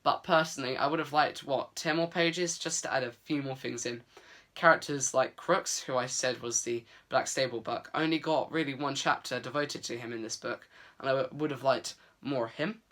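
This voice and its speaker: A man's voice: mid-range voice, steady tone, moderate pace, a bit bright. A man giving a casual, earnest book review vlog, chatty with many fillers.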